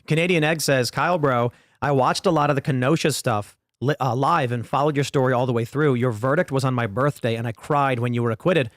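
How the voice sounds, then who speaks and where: A man's voice: medium pitch, a little fast, dry recording. Stammering male podcast host, dry sound. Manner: stammering, repeats words while starting sentences. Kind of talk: casual panel chat reading viewer comments.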